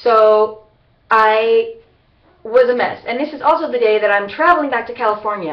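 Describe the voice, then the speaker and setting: A woman talking to camera in a rambling personal vlog, halting and restarting often. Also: a little high, expressive. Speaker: vlogger. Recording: roomy, dull lo-fi webcam sound.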